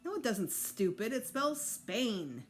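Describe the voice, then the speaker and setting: A woman's voice: on the high side, big pitch swings, slow pace, pitched above the performer's own voice. A woman voicing a blunt, teasing older brother in a storybook read-aloud. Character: sarcastic older brother, a schoolboy.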